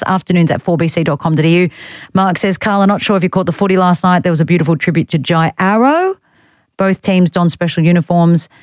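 A woman's voice: on the low side, darkish tone, dry recording. Chatty Australian woman radio host. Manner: chatty, wry and teasing, reads out listener texts. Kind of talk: casual talkback radio chat. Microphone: studio microphone.

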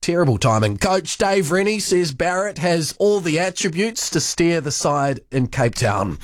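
A man with a New Zealand accent reading a brisk radio sports bulletin on a studio mic. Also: on the high side, lively intonation, no room sound. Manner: brisk, self-deprecating about hiccups. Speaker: sports newsreader. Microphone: studio broadcast mic.

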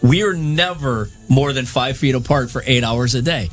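A man's voice: medium pitch, normal speed, fairly bright tone, faint music behind. Man co-hosting a radio show, earnest. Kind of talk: casual on-air banter.

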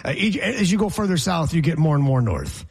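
A man's voice: fairly high pitch, very animated, fairly quick, gravelly, husky. A man hosting a casual sports talk show, joking around and mimicking people's voices.

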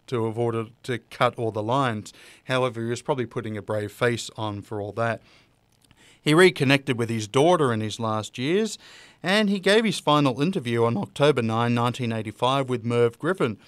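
Smooth-voiced man chatting casually. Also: medium pitch, fairly bright tone, dry recording. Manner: chatty, with fillers and restarts, laughing easily. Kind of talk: casual unscripted monologue.

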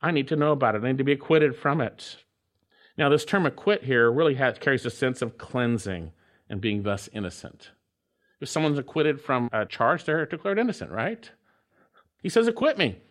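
A man preaching a sermon as a pastor, emphatic and slowing down to stretch out repeated phrases. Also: mid-range voice. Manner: emphatic preaching with slow drawn-out repetitions.

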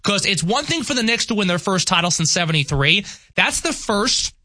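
A man's voice: sits high, sing-song, moderate pace, pushed and bright, slight background noise. A man with a New York accent, talking animatedly and emphatically as a guest on a radio show. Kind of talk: casual radio chat.

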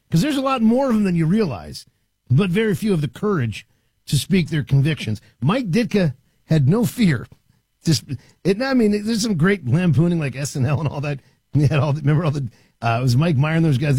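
A male talk radio host speaking from a studio in a lively, swinging delivery. His voice is husky and fairly high for a man, with a close, dry sound. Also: no room sound. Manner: animated, emphatic with frequent restarts.

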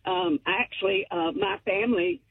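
A woman's voice: mid-range voice, normal speed, husky, no room sound. A woman calling in to a radio show over the phone, hesitant and full of ums. She has a cough. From South Carolina. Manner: hesitant, many ums and uhs. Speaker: caller. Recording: tinny phone line.

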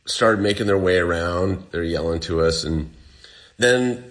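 A man's voice: low voice, a little slow, a bit bright. A man telling a story in a casual way. He acts out the dialogue and says "like" a lot. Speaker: interview guest.

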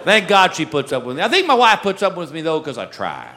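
A man's voice: a little high, huge pitch swings, quick pace. A middle-aged man doing stand-up, telling self-mocking stories and laughing at his own jokes. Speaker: stand-up comedian. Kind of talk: stand-up comedy routine. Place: large venue with a live audience. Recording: live crowd noise, loud ambience.

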